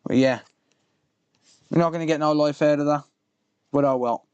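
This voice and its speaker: A man's voice: fairly high pitch, steady tone, moderate pace, darkish tone, smooth, no room sound, lo-fi sound. A man livestreaming a repair, muttering to himself and chatting offhand with joking asides. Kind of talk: casual livestream chatter while working.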